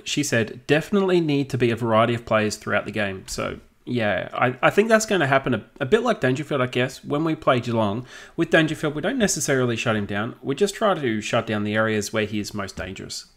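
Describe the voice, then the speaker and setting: An Australian man co-hosting a casual podcast, easygoing and quick to laugh while reading listener questions. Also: medium pitch, lively intonation, fairly bright tone. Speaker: podcast co-host.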